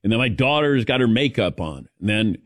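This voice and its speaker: A man's voice: fairly low pitch, fairly quick, no echo, clean studio sound. A man hosting a casual radio talk show, calling on his co-hosts and acting out quoted voices. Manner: animated, acts out quoted voices. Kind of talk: casual studio chat.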